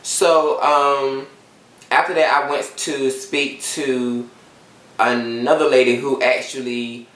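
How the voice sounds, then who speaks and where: A man in his twenties talks straight to his viewers, telling a story. He is animated and swears freely, using slang, at an ordinary middle pitch. The room gives his voice a noticeable echo. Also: slow, far from the mic. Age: 20s. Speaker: YouTuber. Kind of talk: casual storytime vlog. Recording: roomy echo.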